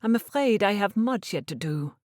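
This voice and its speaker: A woman's voice: mid-range voice, animated, moderate pace, darkish tone, dry recording, studio quality, pitched above the performer's own voice, close to an everyday voice. A woman doing a composed French dressmaker. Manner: composed and polite.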